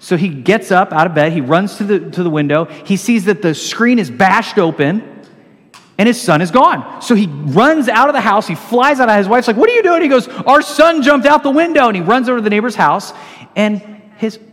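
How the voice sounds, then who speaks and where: A man preaching a sermon, telling stories with animated swings between loud and hushed delivery. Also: sits high, normal speed, long reverb tail. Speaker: pastor.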